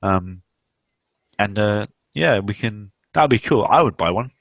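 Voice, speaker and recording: A man's voice: on the low side, lively intonation, unhurried, dry recording. A young man hosting a casual livestream chat, rambling and swearing, with many fillers. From South West England. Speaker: stream host.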